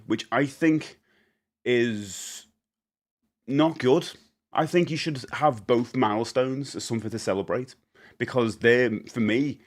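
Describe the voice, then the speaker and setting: A British man in his forties chatting on a live stream, rambling with many fillers and greeting viewers as he goes. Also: lowish voice.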